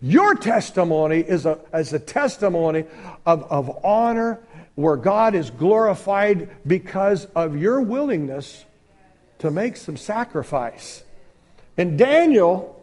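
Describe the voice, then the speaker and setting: A male pastor preaching a sermon, emphatic and swinging between loud exclamations and quiet asides. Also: sits high, very animated, slow.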